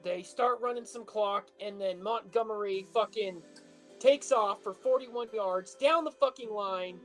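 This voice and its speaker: A man's voice: high-pitched, measured pace, faint music behind. A man co-hosting a casual podcast chat, telling a story with lots of swearing. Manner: animated storytelling, heavy swearing. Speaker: podcast co-host.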